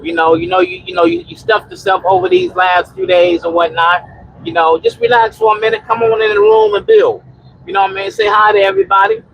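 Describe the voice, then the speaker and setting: Speaking a little fast in a high, slightly rough voice, a trucker and homesteading livestream host broadcasts casually from his truck cab. On a phone mic that cuts off the highs, he preaches about preparing and answers chat, rambling repetitively with many restarts and "you know"s.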